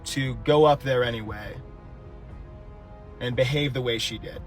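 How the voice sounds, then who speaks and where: A man's voice: mid-range voice, measured pace, faint music behind. A man delivering an indignant, blunt commentary rant with swearing.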